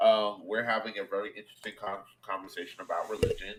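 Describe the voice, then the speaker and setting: A man's voice: lowish voice, little pitch movement, fast talker, heavy background noise. A man co-hosting a casual live stream, asking questions hesitantly with many restarts. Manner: hesitant, full of fillers and restarts.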